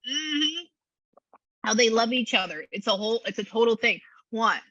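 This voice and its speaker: A woman's voice: a little high, expressive, normal speed, sharp tone, no echo, highs cut off. A woman working as a psychic medium, chatting animatedly with a client and often laughing. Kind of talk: reading session with a client.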